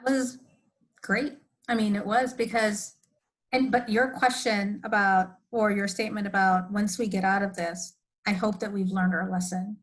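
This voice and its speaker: A woman hosting a podcast, reflective and animated in casual conversation, laughing often. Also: medium pitch, moderate pace. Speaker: podcast host.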